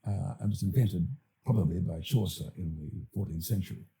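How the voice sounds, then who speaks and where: An older Australian man, an actor and director, talking as a podcast guest in a thoughtful, halting way with many fillers and restarts. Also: low-pitched, gravelly, warm tone, breathy edge. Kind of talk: podcast interview.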